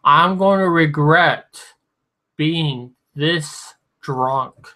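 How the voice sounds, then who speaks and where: Slow, slurred drunk man streaming. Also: a little high. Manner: slurred, halting speech; talks softly at times. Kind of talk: drunken livestream monologue.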